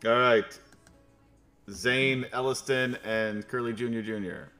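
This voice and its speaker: A young man running a tabletop game as game master, talking quickly and joking with laughs. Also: mid-range voice, steady tone, sharp tone, faint music behind.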